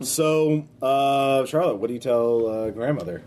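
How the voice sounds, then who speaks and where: A man's voice: mid-range voice, a little slow, darkish tone. Casual, profane game master man. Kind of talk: narrating a tabletop game. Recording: noisy background.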